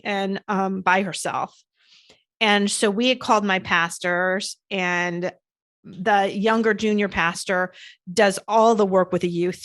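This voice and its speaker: A woman's voice: medium pitch, a bit bright. A middle-aged woman hosting a podcast. She tells a story steadily and in detail. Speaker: podcast host. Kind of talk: podcast conversation.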